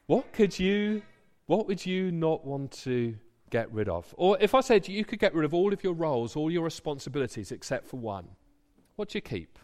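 A man in his thirties delivers a sermon with a slightly high voice. His delivery is lively and swings up and down in pitch. He acts out the voices of imagined people as he preaches. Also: a little fast.

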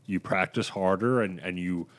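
A man from New York telling stories in a relaxed, casual group chat and laughing often. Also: low voice, normal speed.

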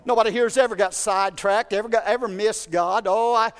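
A man preaching a fervent Pentecostal sermon in a church, building to shouts. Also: high voice, fairly even intonation, a little fast, smooth, big-room sound. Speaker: pastor. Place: church sanctuary.

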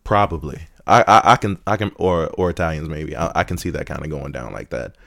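A man, an ambulance medic, telling a profane, animated story on a casual podcast. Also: very deep voice, fairly quick, creaky, no echo, studio quality. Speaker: podcast co-host.

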